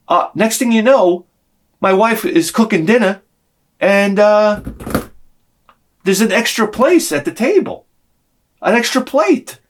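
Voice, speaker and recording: A man's voice: high-pitched, lively intonation, measured pace, pauses often. A man telling an exasperated, profane story in a sarcastic comic rant on his vlog. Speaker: vlogger.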